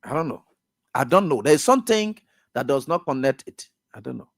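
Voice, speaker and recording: A man hosting a radio talk show, giving impassioned political commentary that swings from loud outbursts to low muttering. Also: expressive, brisk, creaky. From Liberia. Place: radio studio.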